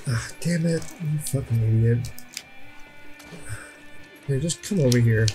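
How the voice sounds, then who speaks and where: A man playing a video game on camera, chatting casually and excitably, swearing when things go wrong and quickly apologizing, with game music faintly behind. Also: medium pitch. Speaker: let's play gamer. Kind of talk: casual gameplay chat.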